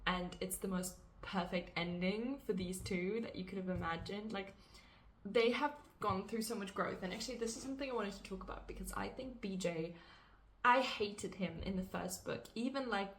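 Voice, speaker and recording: A woman's voice: medium pitch, husky, poor audio. A young adult woman vlogging casually to camera about her reading, chatty and rambling, with lots of "like" and some blunt swearing. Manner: chatty, rambling, heavy use of "like". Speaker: book vlogger. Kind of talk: casual vlog chat to camera.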